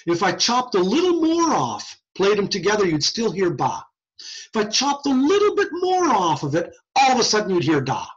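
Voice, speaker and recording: Lively man giving a casual lecture. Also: high voice, normal speed, lo-fi sound. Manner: lively, conversational, jokey. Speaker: hearing science lecturer. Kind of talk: informal lecture. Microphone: screen-share recording.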